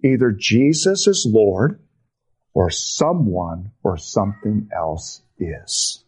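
Slow, emphatic male preacher. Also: big pitch swings, darkish tone, breathy edge. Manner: slow, emphatic preaching with deep drops on key words. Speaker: pastor. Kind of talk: sermon.

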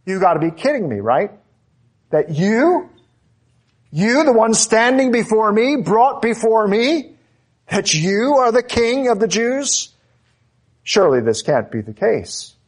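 Guy preaching, doing a sneery roman governor, pitch jumps way up, mocking and disbelieving. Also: sing-song, measured pace, heavily acted. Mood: scornful. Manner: mocking, incredulous. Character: scornful, disbelieving Roman governor, adult man.

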